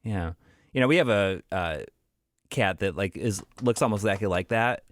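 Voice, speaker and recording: In casual podcast chat, this co-host laughs readily and rambles, with lots of restarts and fillers. He speaks at normal speed in a voice on the low side.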